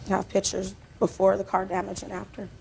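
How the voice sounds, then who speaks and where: Woman plaintiff telling her side in court, rambly n animated, just keeps going. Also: medium pitch, fairly quick, gravelly, background noise. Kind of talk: courtroom testimony.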